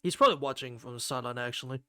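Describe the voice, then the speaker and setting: Bright, playful male streamer. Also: medium pitch, racing, smooth, no room sound. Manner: playful, rambling, swears casually. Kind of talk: casual chat while playing a game.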